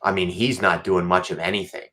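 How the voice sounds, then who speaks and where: A man's voice: low-pitched, level tone, fairly quick, pushed and bright. A man giving blunt, teasing trash-talk commentary on match videos as co-host. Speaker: judo co-host.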